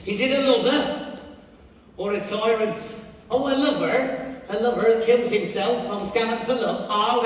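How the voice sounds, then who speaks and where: A man on stage playing a vain, eager male weaver who fancies himself a great actor, declaiming pompously. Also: very high-pitched. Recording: echoey theatre hall from far off.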